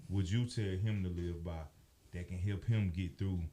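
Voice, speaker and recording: A man's voice: low voice, fairly even intonation, moderate pace, dark tone. A man hosting a podcast, asking a guest probing, hypothetical questions. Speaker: podcast host. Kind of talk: interview questions.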